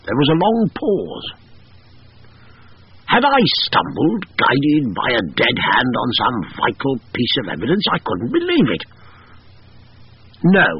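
A man narrating a first-person story in a wry, dry and lively way. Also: mid-range voice, measured pace, husky, dull audio.

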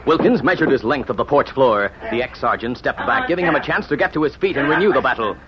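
A man's voice: mid-range voice, animated, fast talker, very noisy. A man giving scripted dramatic narration in an urgent, declamatory way, on a muffled vintage radio recording.

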